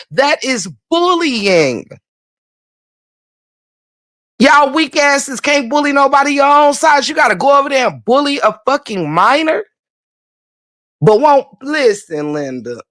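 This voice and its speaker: A woman livestream host talks at a slow, deliberate pace, hammering her points with blunt, profane repetition. She keeps coming back to the viewers and answers their comments directly. The sound is dry and close, with no room around it. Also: a little high, fairly bright tone, no echo.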